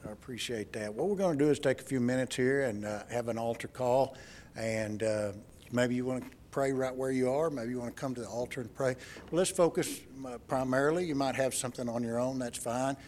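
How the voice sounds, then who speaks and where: Halting pastor leading an altar call. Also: male voice, mid-range voice, slight background noise. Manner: gentle, halting, with many fillers. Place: church sanctuary.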